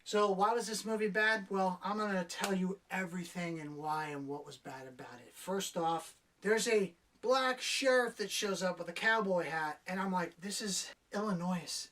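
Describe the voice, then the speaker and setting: A woman's voice: on the low side, normal speed, few pauses, fairly bright tone, distant mic. Profane, exasperated woman movie reviewer. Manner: exasperated, profane, mocking impressions. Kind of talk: casual spoiler review rant.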